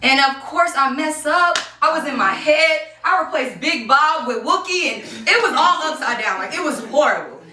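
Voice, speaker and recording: Solo stage performer: young woman, high voice, lively, playful, recorded from far off in a roomy hall. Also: moderate pace, few pauses, slight background noise. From Kansas City, Missouri. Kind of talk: one-woman stage show storytelling. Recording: roomy live stage, distant mic, music.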